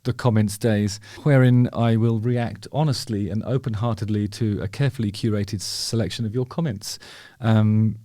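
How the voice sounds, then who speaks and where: Hardly pausing, a man with a fairly low, dark voice and fairly even intonation talks at a moderate pace on his own show. The casual talking-head commentary rambles with fillers, wry and self-mocking, in clean studio sound with no room sound.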